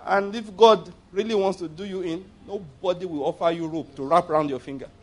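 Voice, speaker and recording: A man's voice: sits high, steady tone, brisk. A Nigerian man preaching a sermon in church, telling stories, repeating phrases for emphasis and leading the congregation in declarations. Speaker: pastor.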